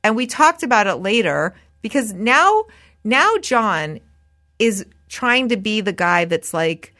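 A woman in her forties hosts a casual podcast chat, telling stories with plenty of swearing and acted-out quotes. Her voice is bright and swings widely in pitch as she talks. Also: slow. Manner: animated storytelling, acts out quotes, swears freely. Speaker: podcast host.

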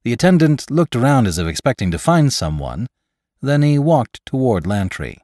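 A man narrating a classic story for a podcast, measured and expressive. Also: mid-range voice, no room sound, studio quality.

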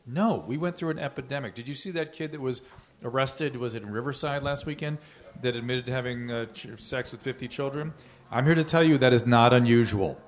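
A man's voice: mid-range voice, fairly quick. A man hosting a live podcast in front of an audience, speaking earnestly with emphasis and authority. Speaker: podcast host. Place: live venue before an audience.

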